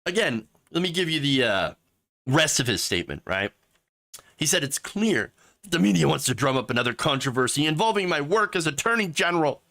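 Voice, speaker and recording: A man's voice: a little high, sing-song, a little fast, vocal fry, bright, forceful tone. A man hosting sarcastic political commentary, mocking and mimicking the people he talks about. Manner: mocking, with exaggerated mimicking voices.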